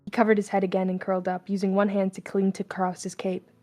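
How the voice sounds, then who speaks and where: A woman's voice: mid-range voice, completely flat delivery, a little fast, hardly any pauses, darkish tone, faint music behind. Casual young woman reading fan fiction aloud. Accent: mixed, slipping toward Southern US. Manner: casual, stumbling, laughing asides.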